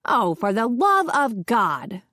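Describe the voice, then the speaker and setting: Voicing an exasperated, pushy middle-aged mother who is demanding and self-pitying toward her son, a woman speaks at a moderate pace. Her pitch is fairly high, her delivery expressive, and her tone somewhat dark. It's studio quality with no echo.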